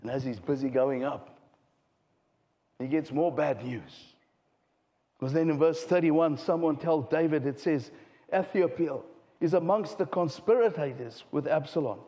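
A man preaching a sermon, swinging from hushed low asides to raised, impassioned passages. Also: a little slow. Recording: dull sound with long hall reverb.

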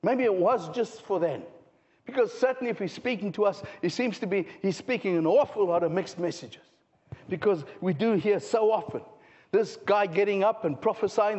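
A man preaching a sermon with a fairly high voice, swinging from loud exclaiming to hushed, drawn-out intensity. His voice rings through a long hall reverb. The sound is muffled and dull. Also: expressive.

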